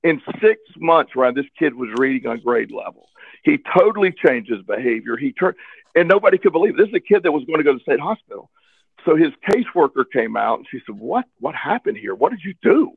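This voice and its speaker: A man speaks candidly in an interview, telling an earnest personal story and doubling back on his words as he goes. His voice has a gravelly, creaky edge. The sound is thin and phone-like, with no room echo at all. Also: on the high side, sing-song, brisk. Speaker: interview guest. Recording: tinny phone line, dry.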